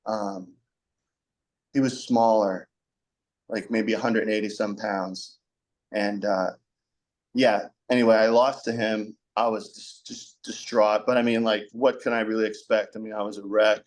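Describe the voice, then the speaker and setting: A man's voice: lowish voice, steady tone, measured pace. A young man as a podcast guest, talking frankly in a rambling conversational way, with many fillers. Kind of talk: candid conversational storytelling.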